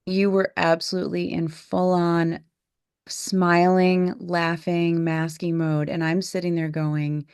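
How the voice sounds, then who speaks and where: A woman's voice: lowish voice, level tone, takes it slowly, darkish tone, clean tone, no echo, studio quality. A woman in her forties hosting a candid podcast, telling a family story in an earnest, reflective way. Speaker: podcast host and mother.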